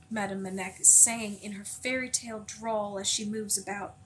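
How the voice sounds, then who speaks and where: A woman reading a novel aloud in a measured, unhurried way, slowing on vivid passages. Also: medium pitch, steady tone, fairly bright tone, a little hiss or hum, rough recording. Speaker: audiobook reader.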